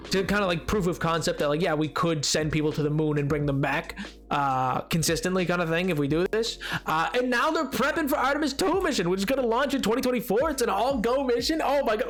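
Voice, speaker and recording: A man streaming a game, chatting casually and excitably with his viewers. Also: high voice. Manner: chatty and excitable, reacting to chat. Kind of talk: casual chat while playing.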